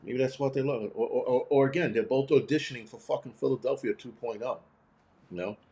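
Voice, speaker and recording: A man hosting a live stream, chatting casually and reading viewer comments, ranting bluntly with lots of swearing and quick imitations of other people. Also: mid-range voice, dark tone. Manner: mimics others in quoted voices.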